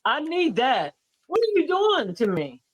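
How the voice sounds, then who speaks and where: A man's voice: very high voice, huge pitch swings, moderate pace, dry recording, highs cut off. A man hosting a casual live-stream podcast, talking with enthusiasm and hyping up the artists. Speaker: podcast host.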